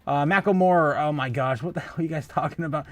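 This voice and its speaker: Chatty, laughing man with a higher voice. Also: quick pace, no room sound. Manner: chatty, laughs often, many filler "uh"s and restarts. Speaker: host of a crypto livestream. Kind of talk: casual livestream chat reading viewer comments.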